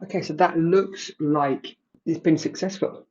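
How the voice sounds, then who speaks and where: Halting man walking through a demo. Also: a little high, fairly even intonation, a little mellow. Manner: halting, many ums and restarts, self-described non-coder. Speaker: tutorial presenter. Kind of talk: casual screen-recorded walkthrough. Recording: muffled audio.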